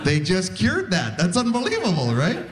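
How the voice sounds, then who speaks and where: A man in his forties performs a stand-up routine with a slightly higher voice than most men. His delivery is very animated, and his pitch rises and falls widely as he slips in and out of the characters in his stories. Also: moderate pace. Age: 40s. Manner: animated storytelling, acts out voices. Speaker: stand-up comedian.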